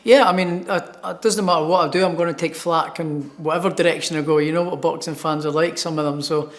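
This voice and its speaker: Scottish man with a flat, fairly high voice. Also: fast talker. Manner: upbeat, repeats words when starting a thought. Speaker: professional boxer. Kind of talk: sports interview.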